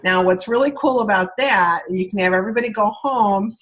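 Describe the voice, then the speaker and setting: A woman's voice: medium pitch, fairly quick, fairly bright tone, poor audio. A woman talking through a video call as a sales consultant training her directors. She is chatty, repeats herself and keeps checking in with "okay?" and "all right?".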